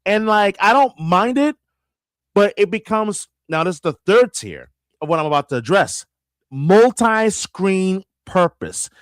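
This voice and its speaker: A man in casual sports talk, animated and often restarting his sentences with stammered repeats. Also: high-pitched, measured pace, clear, resonant tone, no room sound, clean studio sound. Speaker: radio host guest.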